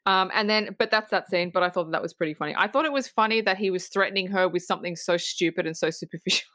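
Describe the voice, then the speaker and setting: Animated woman retelling film scenes. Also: fairly low pitch, quick pace, no room sound, clean studio sound. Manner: animated retelling, acts out quoted lines. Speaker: podcast co-host. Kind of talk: casual film review chat.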